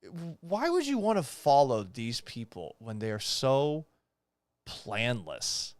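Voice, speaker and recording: Taking it slowly yet staying very animated, a young podcast host reads things out and ridicules them, sarcastic, incredulous and swearing freely. When exasperated his pitch leaps upward. The casual commentary is recorded with no room sound.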